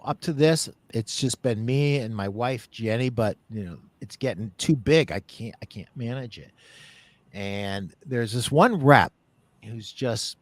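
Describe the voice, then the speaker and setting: A man hosting a podcast interview, telling stories in a casual, animated way and laughing easily. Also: medium pitch, dry recording. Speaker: podcast host.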